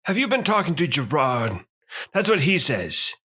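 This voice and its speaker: A man's voice: on the high side, very animated, normal speed, pushed and bright, breathy edge. A man playing in a tabletop game, talking casually in a joking, playful way. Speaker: player.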